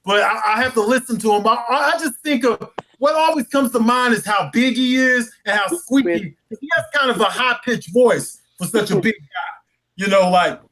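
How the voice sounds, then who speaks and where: A man with a very high speaking voice trades loose, profane slang in a casual live chat about boxing. He talks freely and bluntly, with plenty of street phrasing. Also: pushed and bright.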